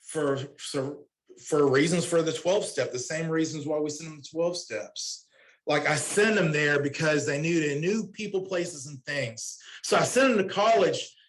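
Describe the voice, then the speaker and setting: Middle-aged male counselor, conference storyteller, a bit high-pitched, earnest and casual. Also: poor audio. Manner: casual and earnest, retells dialogue, repeats himself. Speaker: recovery counselor speaking at a summit. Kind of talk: conference talk, personal storytelling.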